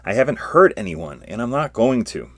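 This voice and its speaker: A man's voice: medium pitch, big pitch swings, normal speed, voice pushed up. A man voicing an earnest young female alien Jedi student who speaks in a pleading, indignant way while reading a comic aloud.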